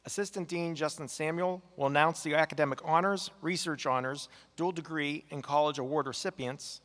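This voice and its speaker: A man's voice: fairly high pitch, brisk, a bit bright. A man making formal announcements as presenter at a graduation ceremony in a large hall. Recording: long reverb in a large hall.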